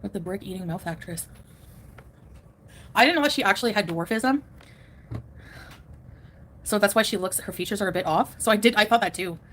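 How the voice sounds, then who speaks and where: A woman's voice: mid-range voice, brisk, pauses often, fairly bright tone, slight background noise. Chatty woman streaming live from home. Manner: rambling, chatty, reacts to chat, laughs often. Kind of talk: casual live-stream chat.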